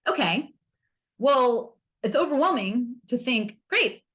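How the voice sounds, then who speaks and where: A woman's voice: a little high, lively intonation, moderate pace. A woman hosting a self-help podcast, talking candidly and with humor, using playful slang. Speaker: podcast host.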